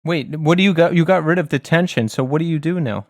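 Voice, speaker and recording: A man's voice: fairly high pitch, quick pace, dry recording. A man co-hosting a podcast in casual chat, upbeat and enthusiastic, with a close mic. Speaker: podcast co-host.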